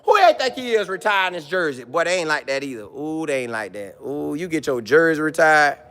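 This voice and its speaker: Casually chatting on a live stream, a man speaks briskly in a fairly high voice. He reads comments, riffs with jokes, repeats lines, and brings animated mock voices into it.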